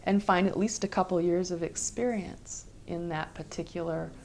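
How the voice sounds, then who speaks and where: A woman with a low voice speaks candidly in a documentary interview. She is a nursing student and reflects on her experience with casual asides. A faint hiss sits behind her. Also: fairly even intonation, normal speed, gravelly, darkish tone.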